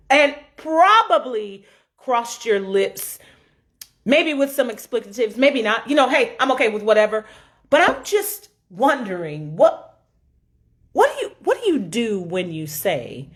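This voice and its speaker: A woman giving an informal sermon with dramatic swings from shouts to low, quiet lines and humorous asides. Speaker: preacher.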